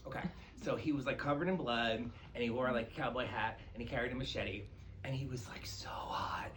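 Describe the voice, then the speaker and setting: A man doing a stand-up comedy set on a club stage, telling campy, profane stories with big swings in pitch and energy. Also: quick pace, fairly bright tone, a little hiss or hum, low-quality recording. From New York. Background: audience laughter.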